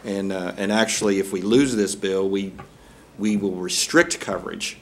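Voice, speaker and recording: Low-voiced male legislator in debate. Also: fairly even intonation, normal speed, slight background noise. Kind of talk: committee debate.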